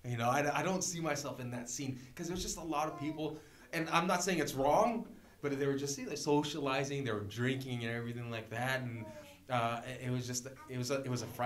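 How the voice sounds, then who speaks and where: Guest preacher, male, mid pitch, conversational and joking, echoey church room. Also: brisk, a bit bright. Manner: conversational and joking, laughs often. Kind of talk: sermon. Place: church sanctuary.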